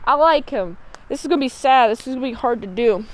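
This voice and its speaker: A woman's voice: high voice, lively intonation, quick pace. A woman voicing a young female officer who frets while turning down a suitor she secretly likes. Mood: flustered. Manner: flustered, fretting.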